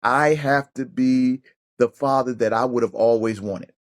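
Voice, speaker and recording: A middle-aged man with a mid-range voice speaks unhurriedly as a podcast guest, a former football player who became a coach. In this casual storytelling interview he shares personal stories with animation, acting out other people's voices and often repeating and restarting words as he thinks.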